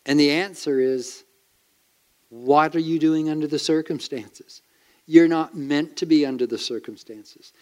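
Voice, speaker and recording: A male pastor preaching with earnest emphasis. His voice sits a little high for a man, and he leans on dramatic pauses to drive his points home. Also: darkish tone. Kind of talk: sermon.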